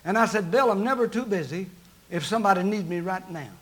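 An older man, a pastor, preaching a sermon and telling a story, swinging from loud exhortation to hushed narration. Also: high-pitched, lively intonation, a little fast.

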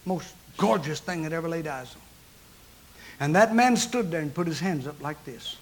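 An older man, a pastor, preaching a sermon and telling a story, swinging from loud exhortation to hushed narration. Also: a little high, animated, moderate pace.

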